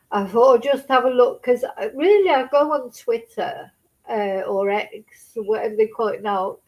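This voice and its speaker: Her voice a little high and slightly mellow, this middle-aged true crime streamer is upset and close to tears during a casual live-stream chat. She curses and lets out nervous laughs between lines, all captured in poor audio.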